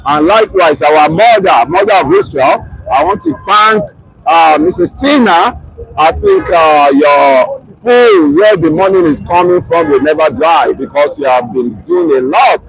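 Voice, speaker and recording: A man hosting a street show, thanking supporters in a halting way with many fillers. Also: fairly high pitch, very animated, vocal fry, slight background noise, poor audio.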